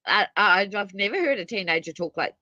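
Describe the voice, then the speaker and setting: Woman, New Zealand accent, bouncy pitch, quick to laugh, dry, slightly muffled recording. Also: no echo. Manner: animated and agreeable, quick to laugh. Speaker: podcast co-host. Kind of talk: casual podcast chat.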